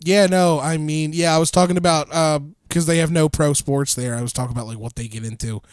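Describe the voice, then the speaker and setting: Young philly comedian guy, kinda high voice, giggling, dry close sound. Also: fairly even intonation, brisk, smooth, no room sound. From Philadelphia. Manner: giggly, joking, repeats bits. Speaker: comedian and podcast co-host. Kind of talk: casual chat.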